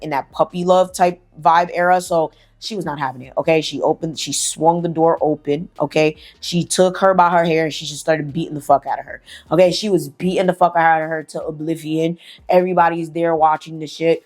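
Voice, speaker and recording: A woman's voice: sits low, darkish tone. A woman telling a story in a casual, slangy, chatty way, swearing freely. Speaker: storyteller host.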